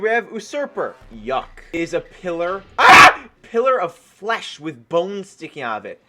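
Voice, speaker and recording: A man giving excited gameplay commentary as a gaming YouTuber, excitable and often yelping in surprise. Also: high voice.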